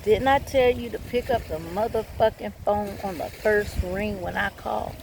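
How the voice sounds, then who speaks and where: A controlling, abusive man snapping crude accusations in a bullying tone, as a woman retells his words. The voice sits a little low and hard. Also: moderate pace, creaky, a little mellow, a little hiss or hum, lightly acted, poor audio. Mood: angry. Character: controlling, abusive adult male partner.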